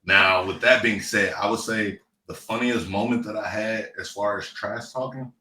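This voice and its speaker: Animated storytelling man in an echoey room. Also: on the low side, normal speed. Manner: animated, laughing storyteller, playful trash talk. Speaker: guest, former pro football player. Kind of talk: casual interview storytelling. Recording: echoey room, distant mic, faint noise.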